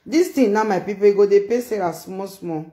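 A speaker with a Nigerian accent and a medium-pitched, dark-toned voice reacts casually to social media drama at a brisk pace. The talk is exclamatory and full of repeated phrases, mixing Pidgin and Yoruba, in an echoey room.

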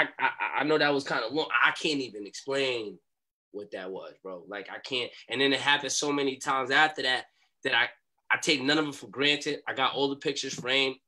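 A young man telling a story as a podcast guest, in animated street talk and acting out what people said. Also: medium pitch, brisk. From New York.

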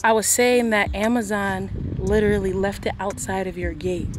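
A woman chatting casually for her vlog, excited and a little nervous, laughing often. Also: medium pitch, normal speed, over music. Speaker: vlogger. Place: outdoors at a house in Miami.

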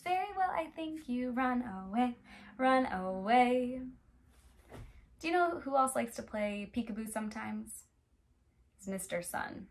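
A young woman teaching a music class for toddlers, speaking gently and playfully and asking the little ones lots of questions. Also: on the high side, gravelly. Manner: gentle, playful, talks straight to small children with many questions.

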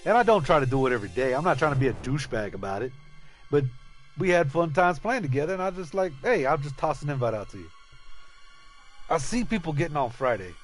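A man's voice: on the high side, expressive, fast, faint music behind. Profane, rambling male game streamer. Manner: loose and profane, rambling, jokey. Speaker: gaming streamer. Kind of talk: casual live-stream chat.

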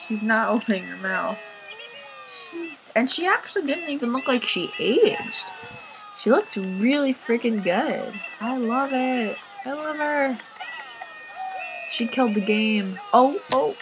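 Slow, chatty young woman. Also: a little high, expressive, noisy background. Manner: chatty, playful, sighing over game moments. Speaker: gaming channel host. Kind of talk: casual gameplay commentary.

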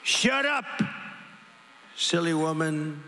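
A sly, vicious snake hisses its sing-song lines with a bright, gravelly edge, as an older man recites it. Long reverb fills the space. A crowd murmurs behind. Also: on the high side, lively intonation, slow, full character voice. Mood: sneering. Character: sly vicious male snake, cold and mocking. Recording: big reverberant hall, cheering crowd.

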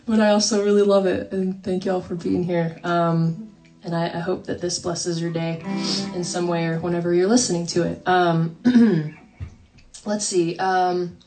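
A chatty, self-deprecating woman musician talking between songs on a home livestream, laughing easily as she goes. Her voice sits low for a woman and sounds a little distant from the mic. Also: a little mellow. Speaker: singer-songwriter streaming live from home. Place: home, by a fire.

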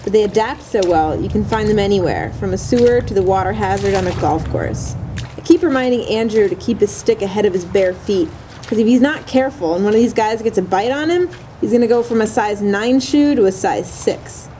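A woman's voice: medium pitch, a little fast, background noise. Wry woman narrating a voice-over. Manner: dry, wry humor. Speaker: co-host, survival expert.

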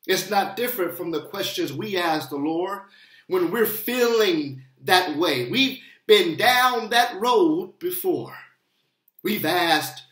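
A pastor preaching a sermon in a slow, emphatic style, with appeals that build and rise. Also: medium pitch, animated, fairly bright tone. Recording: roomy echo.

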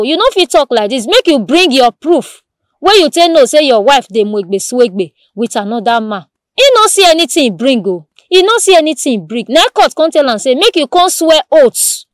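Speaking with a Nigerian Pidgin accent, a female news presenter runs through the day's stories in a lively, repetitive, storytelling style peppered with exclamations. Her voice sits high, and the studio-quality recording is dry.

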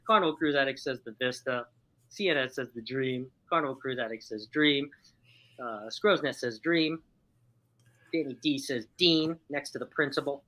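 A woman's voice: very deep voice, normal speed, fairly bright tone, poor audio. A woman hosting a live stream trivia game in a chatty, upbeat way, laughing often as she reads out chat replies. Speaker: livestream host running a trivia game.

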